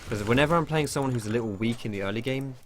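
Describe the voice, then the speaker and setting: A young man talks through a gameplay tutorial from his home computer, rambling and chatty and swearing whenever something surprises him. His mid-range voice races along over a faint hiss or hum.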